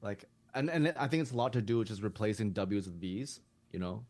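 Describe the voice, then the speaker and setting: A man's voice: fairly low pitch, lively intonation, a little fast, darkish tone. A man co-hosting a podcast in casual chat, curious and chatty, asking follow-up questions. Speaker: podcast co-host.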